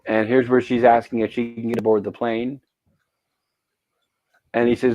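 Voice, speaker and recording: A man's voice: medium pitch, flat delivery, normal speed, a little mellow, faint music behind. A man hosting a casual commentary on an old TV episode, describing the scenes and reading quoted lines aloud. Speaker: show host.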